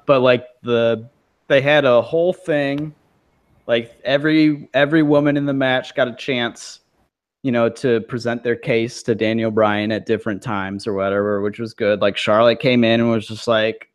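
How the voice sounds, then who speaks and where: A man co-hosting a wrestling podcast in loose, casual chat. He rambles at a middling pitch, stacks up filler words and swears freely as he reviews the week. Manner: rambling, filler-heavy, profane. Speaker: podcast co-host.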